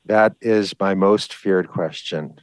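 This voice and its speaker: Firm, low-voiced middle-aged man. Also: clear, resonant tone, no echo. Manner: measured, firm, storytelling. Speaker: physician guest giving parenting advice. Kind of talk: call-in talk show advice.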